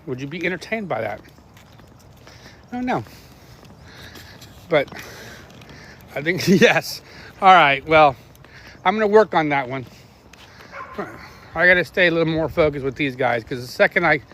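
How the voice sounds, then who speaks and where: Dude rambling on a dog walk, swears a lot, yells at the dogs now and then, kinda high voice, faint outdoor hiss. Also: male voice, animated, normal speed, pauses often. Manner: rambling, swears casually, calls out sharp commands to his dogs. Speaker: vlogger walking his dogs. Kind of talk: casual live-stream chat.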